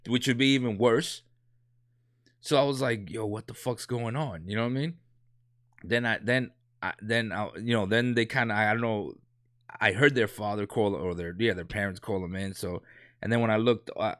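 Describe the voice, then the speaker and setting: Rambling, low-voiced man in his thirties. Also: fairly bright tone, no room sound, studio quality. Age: 30s. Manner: rambling, loose and profane, with many restarts. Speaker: storyteller. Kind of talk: casual spoken anecdote.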